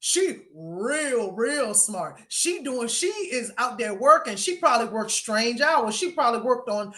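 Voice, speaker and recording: A woman co-hosting a sports podcast, talking in an animated, emphatic, mocking way. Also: a little high, normal speed. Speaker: podcast co-host. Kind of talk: casual sports chat.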